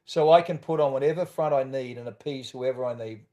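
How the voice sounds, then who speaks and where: A man's voice: mid-range voice, brisk, dark tone. A man with an Australian accent, a podcast guest telling his own story candidly and acting out the voices he quotes.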